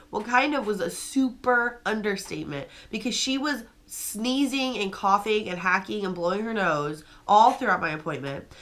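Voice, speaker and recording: A woman's voice: medium pitch, animated, normal speed, sharp tone. A young woman vlogging to camera, telling a story with many fillers and restarts while venting that she is upset.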